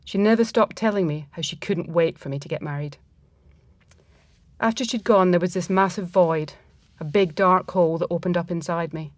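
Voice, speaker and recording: A woman reads a first-person story aloud in a reflective, measured way. Her voice sits fairly low, and the recording is dry and close, with no room sound. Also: dry recording.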